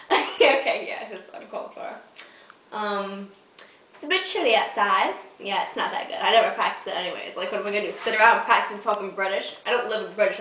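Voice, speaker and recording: A teenage vlogger tells funny stories to the camera in a hyper, giggly, self-mocking way. Her medium-pitched voice is bright and forceful but sits far from the mic in an echoey room, with a little hiss or hum.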